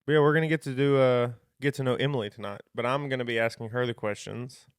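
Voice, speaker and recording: Man, laid-back, teasing, middle pitch, dry close sound. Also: steady tone, quick pace, smooth, no room sound. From Alabama. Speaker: podcast co-host. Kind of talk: casual chat. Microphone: phone.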